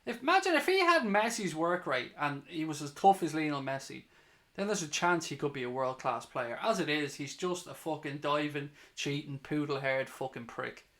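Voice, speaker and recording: Brief male fan host, fairly high voice, live play-by-play breaking into angry cursing rants. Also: lively intonation, normal speed, fairly bright tone. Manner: sweary, heated, ranting between play-by-play. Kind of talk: live match reaction commentary.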